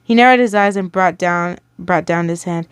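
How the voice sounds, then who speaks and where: Young woman reading a story out loud, casual, trips on words sometimes, dry close sound. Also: fairly low pitch, normal speed, smooth, no echo. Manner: casual, stumbles over words and stops to react. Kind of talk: reading a listener story aloud.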